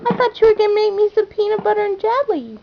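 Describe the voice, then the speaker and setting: A woman's voice: very high-pitched, expressive, fast talker, gravelly. A mother playfully teasing her young kids at home, recorded on a home video camera. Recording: dull lo-fi camcorder audio with faint hiss.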